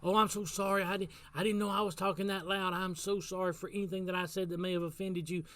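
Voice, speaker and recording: A man quoting a flustered young woman who rushes through an apology, in a lightly raised, quicker voice. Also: high-pitched, level tone, fairly bright tone.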